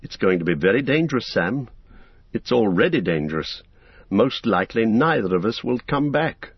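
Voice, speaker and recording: A man voicing an earnest, serious young male hobbit in a measured, grave, thoughtful way while reading an audiobook. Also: on the low side, sing-song, breathy edge, no echo, exaggerated voice. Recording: dull, dry recording.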